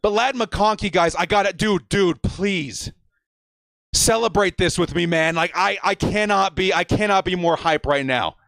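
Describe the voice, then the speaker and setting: A man hosting a live-stream watch party, over-excited, shouting and repeating himself, breathless and shaking with excitement. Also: sits high, unhurried, gravelly, no echo, studio quality.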